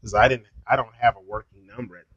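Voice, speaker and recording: A young man vents on his vlog, blunt and full of swearing, his voice neither high nor low. The recording is dull and lo-fi, with a dry, close sound and no room echo. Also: steady tone, fast talker, a bit bright, slightly rough. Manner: blunt, heavily profane ranting. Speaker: YouTuber. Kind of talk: casual storytime vlog.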